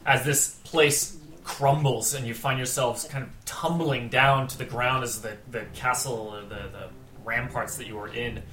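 A man's voice: mid-range voice, fairly bright tone. A man narrating a tabletop game as game master, describing scenes with many fillers. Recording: echoey room.

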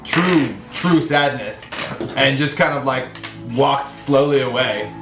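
A man's voice: medium pitch, slow pace, over music. A male player of a tabletop game, describing his character in loose, rambling phrases heavy with filler. His voice sits in a roomy, echoing space. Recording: roomy echo.

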